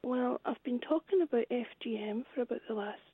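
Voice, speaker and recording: A woman's voice: on the high side, fairly quick, husky, no echo. A tired woman caller with a babyish voice, lying down as she talks on a radio phone-in. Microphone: phone line. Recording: tinny phone line.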